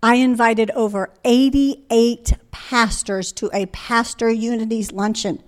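A woman's voice: a little high, steady tone, slow. A middle-aged woman preaching a sermon to a congregation, emphatic and full of rhetorical questions. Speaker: guest preacher.

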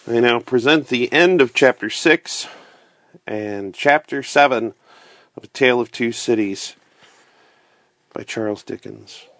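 A man reading a classic novel aloud as a bedtime story, calm and unhurried with occasional fillers. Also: mid-range voice, dry recording.

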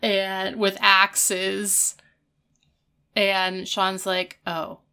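A woman's voice: medium pitch, completely flat delivery, extremely slow, bright, forceful tone, clean tone. A woman in her thirties, casually retelling TV scenes with lots of fillers. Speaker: podcast co-host recapping a TV episode. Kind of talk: casual chat.

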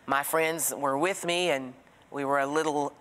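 A woman teaching a Bible study, telling stories in an expressive, preacherly way and asking the listener direct questions. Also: sits low, measured pace, in a large hall.

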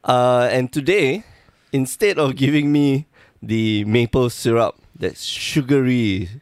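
Podcast host, man, gravelly, slight lisp, joking and rambling, dry close mic. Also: medium pitch, takes it slowly, no echo. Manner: joking, rambling, self-deprecating. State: sore tongue, slight lisp. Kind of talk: casual podcast chat.

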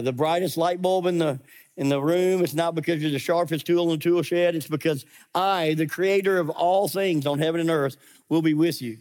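A middle-aged male pastor preaching a sermon, animated and acting out voices in his stories. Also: fairly high pitch. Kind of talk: sermon with scripture reading.

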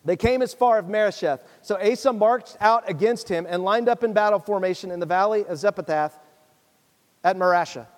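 A male pastor with a high voice gives a sermon in a casual, conversational style at a moderate pace. He shifts between reading scripture and urging his listeners directly, his voice ringing through a hall with a long echo.

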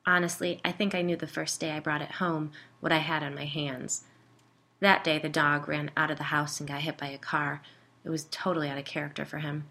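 A woman reading a dry, calm grandmother. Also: low-pitched, brisk, full character voice. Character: calm, wry older woman, a grandmother and homeowner.

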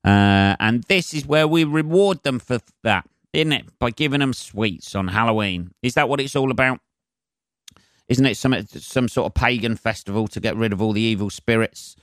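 A man's voice: medium pitch, moderate pace, a bit bright, no echo, studio quality. A man hosting a solo comedy podcast, ranting in a sweary, sarcastic and rambling way. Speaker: podcast host.

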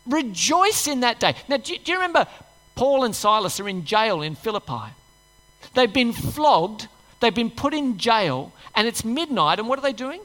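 A woman's voice: on the high side, big pitch swings, moderate pace, fairly bright tone. A woman preacher giving a sermon in a church. She reads scripture and talks to the congregation in a conversational way, asking them rhetorical questions. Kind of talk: sermon with Bible reading. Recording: long church-hall reverb.

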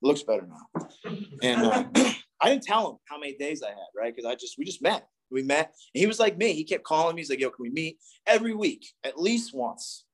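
Very animated and fairly quick, this young man from the East Coast uses a fairly high voice to recount his recovery openly to a group, swearing and drifting as he talks.

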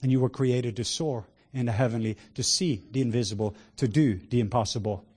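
A man preaching a sermon with passion, moving between hushed words and loud exclamations. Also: medium pitch, steady tone, fairly quick, breathy edge. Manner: sprinkles in laughter and cries of "whoa".

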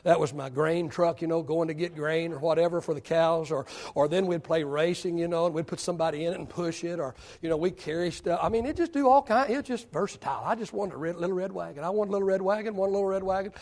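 An older man, a pastor, preaching a sermon that swings from quiet storytelling to loud shouting. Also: on the high side, quick pace, hardly any pauses.

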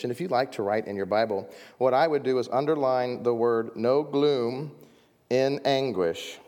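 A man preaching a sermon as a pastor, reading scripture and swinging between loud emphasis and hushed lines. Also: mid-range voice, unhurried. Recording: long reverb of a large hall.

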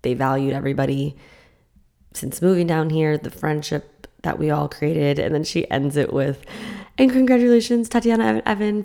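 Young female podcast host, deep with vocal fry, gushing and chatty. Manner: gushing, excited, lots of "like" fillers. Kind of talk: casual personal storytelling.

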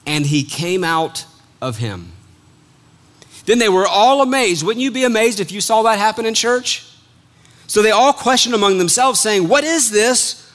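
A man preaching a sermon, reading scripture aloud and explaining it in an animated, conversational way, joking with his congregation. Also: high-pitched, moderate pace.

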